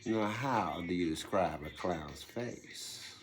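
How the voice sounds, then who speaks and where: A man giving a preachy monologue, firing off rhetorical questions and swinging between loud bursts and hushed whispers. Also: deep voice, expressive, slow, faint music behind. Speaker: speaker delivering a monologue.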